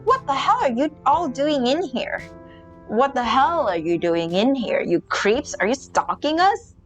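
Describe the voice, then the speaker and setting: A bratty teenage girl with a high, snotty voice, put on by a woman reading a game's lines. She snaps back defensively at every adult, sulky and irritated, with faint game music under her. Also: big pitch swings, measured pace. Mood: hostile.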